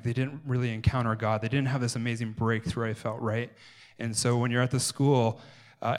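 A man who is the church's pastor speaks to his congregation from the stage, emotional and rambling, restarting his phrases. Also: medium pitch. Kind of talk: sermon-style address. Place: church sanctuary.

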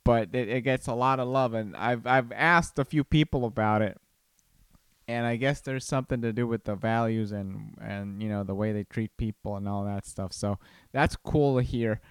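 A man's voice: medium pitch, clear, resonant tone, no echo, clean studio sound. A man hosting a podcast from home, rambling casually with frequent restarts and chuckles. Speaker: podcast host. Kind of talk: casual chat.

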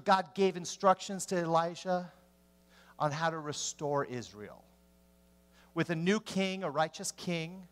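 A man preaching a sermon, swinging between emphatic rising questions and hushed drops. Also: on the high side.

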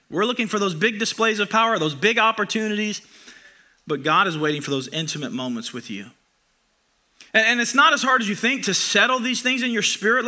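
A young man preaching with a high, very bright voice. He talks to the congregation like a friend, joking at his own expense. He swells loud on key lines, then pulls back soft and intimate. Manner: conversational, self-deprecating, swells loud for emphasis then drops soft. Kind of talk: sermon.

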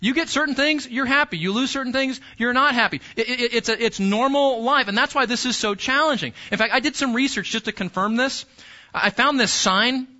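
A man's voice: very high voice, brisk, sharp tone, highs cut off. A man preaching a sermon in a church, speaking conversationally, repeating key phrases and putting questions to the congregation. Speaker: pastor.

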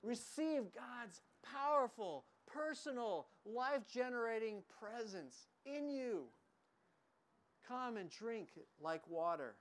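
Man preaching an expressive sermon. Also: very high-pitched. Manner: expressive preaching, reads scripture slowly with emphasis, quick asides. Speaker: pastor.

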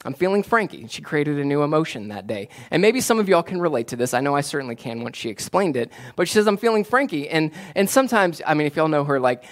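Man, 30s, pastor, sermon, conversational, repeats phrases, slightly high voice. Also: quick pace, hardly any pauses. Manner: conversational, repeats key phrases, animated when telling a story.

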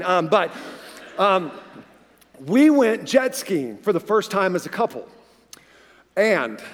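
A pastor in his forties preaches a sermon in a high-pitched voice, with the long reverb of a large hall around him. He tells a personal story animatedly, acting out the dialogue.

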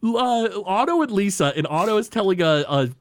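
A man's voice: brisk, no echo. A man co-hosting a podcast, retelling cartoon scenes in casual chat and filling them with "like" and "you know". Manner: animated, lots of "like" and "you know", jumps pitch for quoted lines. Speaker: podcast co-host recapping a cartoon episode.

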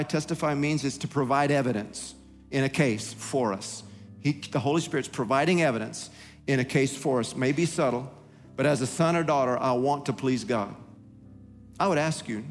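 Emphatic preacher in a hall. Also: male voice, a little high. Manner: emphatic preaching with voiced quotes. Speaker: pastor. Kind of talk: sermon. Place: church hall.

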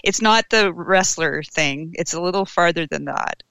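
A woman's voice: fairly low pitch, moderate pace, creaky, bright, forceful tone, no room sound. A woman from western Canada co-hosting a casual podcast, giggly and self-deprecating.

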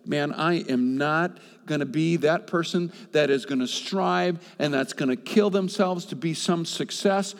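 A man's voice: unhurried, few pauses. Impassioned male preacher in a reverberant hall. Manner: impassioned, swings from loud and high to soft, repeats himself. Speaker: pastor. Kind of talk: sermon.

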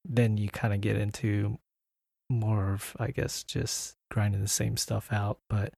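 Low-voiced, hesitant podcast co-host. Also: male voice, little pitch movement, measured pace, vocal fry, mellow, breathy edge, dry recording. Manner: hesitant, lots of filler words, low-key. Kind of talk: casual podcast chat.

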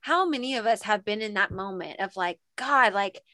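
Woman, podcast co-host, bright voice, dry sound, emphatic, preachy rhythm. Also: mid-range voice, animated, fairly quick, no room sound. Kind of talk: faith-based casual chat.

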